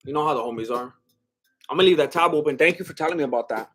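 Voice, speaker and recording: Young male streamer, high voice, loose excitable fight commentary with chat asides. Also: racing. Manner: excitable, exclaims at big shots, chats with viewers. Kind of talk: casual live commentary and chat.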